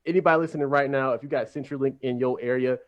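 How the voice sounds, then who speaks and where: A man hosting a podcast, telling a long, animated story full of slang in casual chat. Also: medium pitch, racing, lo-fi sound. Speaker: podcast host.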